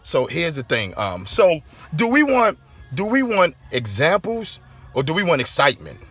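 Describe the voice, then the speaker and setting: A man's voice: on the high side, moderate pace. Preachy middle-aged man talking in his car. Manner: repetitive, preachy, animated when riled. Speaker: pastor and author. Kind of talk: casual vlog talk to viewers. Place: inside a car. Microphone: phone.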